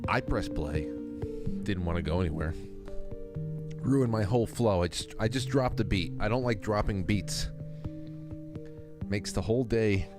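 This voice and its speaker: A man's voice: lowish voice, normal speed, pauses often, loud music behind the voice. A man hosting a podcast, rambling in casual comedic chat and often breaking into laughter. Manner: rambling, laughing, self-interrupting. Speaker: podcast host.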